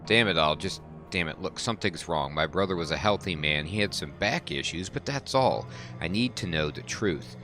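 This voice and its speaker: A man reading the part of a grieving, worn-out man who drinks and wants the truth about his dead brother, in halting, emotional dialogue. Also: deep voice, lively intonation, sharp tone, faint music behind. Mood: distraught.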